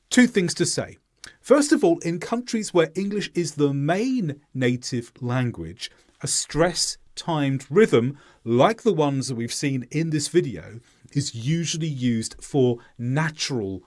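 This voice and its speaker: A man teaching English pronunciation in a clear, deliberate explaining voice-over. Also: fairly high pitch, very animated.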